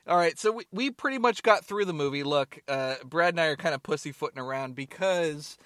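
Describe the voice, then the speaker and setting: A man's voice: fairly high pitch, fairly quick, fairly bright tone. A man co-hosting a podcast, joking, rambling and swearing freely in casual chat. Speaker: podcast co-host.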